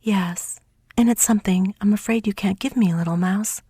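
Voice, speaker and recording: A woman reading aloud and voicing a modest, gentle young farmer's son who speaks in a plain, earnest way. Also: medium pitch, normal speed, husky, dry recording, clean studio sound, pitched above the performer's own voice, close to an everyday voice. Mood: doubtful.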